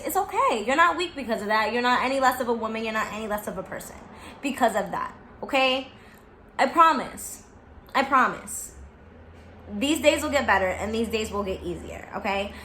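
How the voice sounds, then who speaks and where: A woman in her twenties talks straight to camera in a high, bright voice. She is blunt and swears freely, and she comes back again and again to emphatic reassurances. The sound is roomy, with a faint hiss underneath. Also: lively intonation, a little fast. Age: 20s. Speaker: vlogger. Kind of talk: candid talk to camera.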